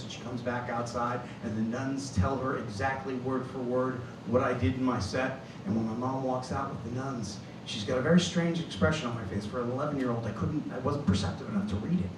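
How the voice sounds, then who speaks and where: A man's voice: medium pitch, steady tone, fast talker, hardly any pauses, noisy background. A man in his fifties doing a stand-up set, telling a story and acting out the people in it. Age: 50s. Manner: storytelling, acts out quoted voices. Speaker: stand-up comedian. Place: comedy club stage. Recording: echoey club from far off, loud ambience.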